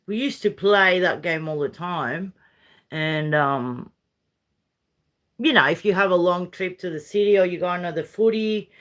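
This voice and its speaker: A woman's voice: lowish voice, fairly bright tone. An older woman from Uruguay with a Uruguayan Spanish accent, Spanish her first language, chatting and ranting in a rambling way to her camera, sprinkled with Aussie slang and mild swearing. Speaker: vlogger. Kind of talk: casual rambling rant.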